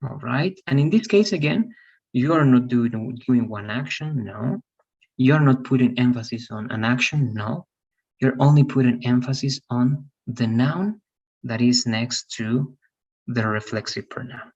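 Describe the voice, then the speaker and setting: A man teaches English grammar in an online class. He explains patiently, goes over points again, and keeps asking whether his students follow. His voice is slightly husky, and the call audio sounds a bit muffled. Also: medium pitch, unhurried, a little mellow. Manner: patient, repetitive explaining with frequent "all right?" checks.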